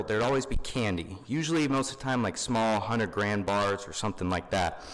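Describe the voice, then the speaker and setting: A young man speaking at his grandfather's funeral, informal and full of fillers. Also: mid-range voice. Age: young adult. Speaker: grandson giving a eulogy. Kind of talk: funeral eulogy. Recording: long hall reverb.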